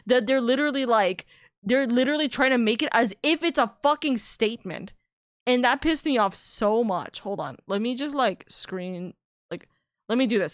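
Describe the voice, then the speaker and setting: A woman's voice: a little high, dry recording, studio quality. A woman streamer in a heated, casual rant, swearing freely and restarting her sentences.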